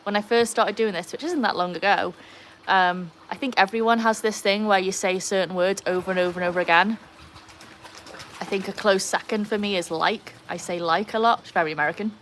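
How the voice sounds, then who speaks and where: A woman's voice: mid-range voice, fairly quick, fairly bright tone, a little hiss or hum. A Welsh woman hosting a casual live stream from beside a backyard pool, reading out viewer comments and talking to her dogs. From Wales. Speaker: livestream host.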